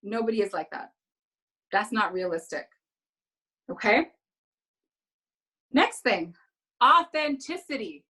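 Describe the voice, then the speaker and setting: A woman's voice: fairly high pitch, very animated, slow pace, long pauses, sharp tone, husky, rough recording. A woman of Caribbean heritage giving a motivational talk on a video call, coaching her audience through affirmations with lots of energy. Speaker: speaker at an online women's event.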